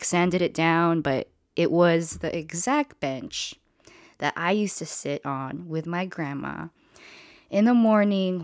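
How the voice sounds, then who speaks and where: A woman's voice: on the low side, no echo, studio quality. A young woman hosting a podcast, telling a personal story candidly and emotionally, swearing casually. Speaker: podcast host.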